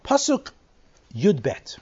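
A woman's voice: lowish voice, huge pitch swings, mellow, husky. Woman teaching scripture, muffled recording. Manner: chants Hebrew verses slowly, then explains them in plain English; asks rhetorical questions to lead the listener. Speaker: Bible teacher. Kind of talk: verse-by-verse text lesson.

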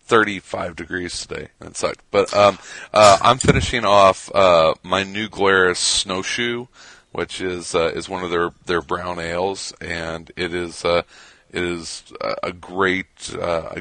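Deep-voiced man in casual podcast chat. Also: fairly even intonation, unhurried, sharp tone, no echo. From Chicago. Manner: rambling, restarts often. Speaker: podcast co-host.

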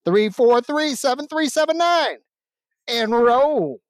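A man's voice: extremely high pitch, animated, slow, no echo, clean studio sound. A male co-host putting on a playful, exaggerated mock Southern drawl. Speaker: podcast co-host.

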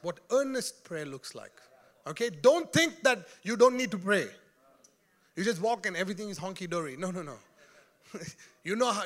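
A man preaching a sermon in an animated, joking way, often laughing and calling out to his congregation. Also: sits high.

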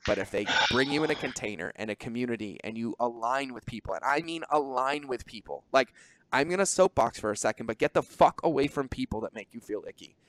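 A man hosting a podcast, talking in a lively, informal way and swearing freely. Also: mid-range voice, slight background noise. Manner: animated, swearing, quick asides. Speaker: podcast host. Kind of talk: casual podcast conversation.

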